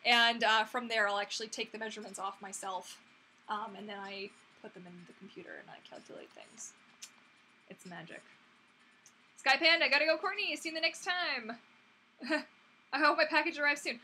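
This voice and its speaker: A woman's voice: on the high side, normal speed, sharp tone. A woman in her thirties hosting a casual live Q&A, chatty and rambling, full of fillers and restarts. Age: 30s. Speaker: livestream host answering viewer questions.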